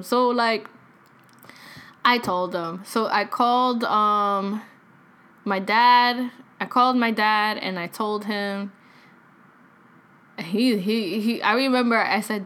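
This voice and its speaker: A woman's voice: medium pitch, a little slow, pauses often, bright, forceful tone. A young woman in her twenties telling a rambling story in casual chat, full of filler words and swearing. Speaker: vlogger.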